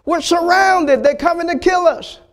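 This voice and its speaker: A man doing a terrified pleading servant. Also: slow pace. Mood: panicked. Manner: panicky, breathless pleading, high strained voice.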